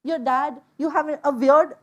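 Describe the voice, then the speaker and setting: A woman from India telling a personal story to an audience, in an emotional, animated way. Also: sits high, normal speed. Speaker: speaker. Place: stage before an audience.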